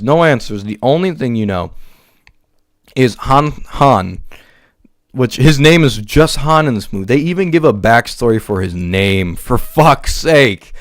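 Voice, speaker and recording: A man's voice: mid-range voice, lively intonation, unhurried, no room sound, clean studio sound. Exasperated man ranting about a movie. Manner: exasperated, profane ranting with stammered restarts. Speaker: movie reviewer.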